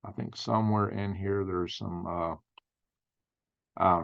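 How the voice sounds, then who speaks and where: A man's voice: low voice, level tone, a little slow, vocal fry, no room sound, muffled recording. A man hosting his own channel, reading news items aloud and musing on them with folksy slang and rhetorical questions. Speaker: channel host.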